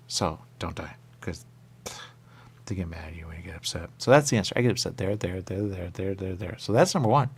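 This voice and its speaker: A man's voice: sits low, fairly quick, husky, full character voice. A man improvising as the ghost of a dead man, rambling and repeating himself, sometimes dropping to a whisper. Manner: rambling, repetitive, drifting into whispers. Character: rambling dead man's ghost, confused and rhyme-obsessed. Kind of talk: improvised comedy monologue.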